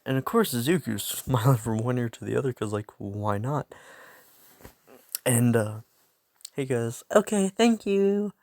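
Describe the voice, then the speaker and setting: A young man spins a fan story off the cuff, rambling and cutting himself off to laugh at his own asides. His voice is gravelly and his delivery slow and unhurried, recorded close and dry with no room sound. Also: medium pitch, a little mellow, dry recording. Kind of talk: casual improvised fan story narration.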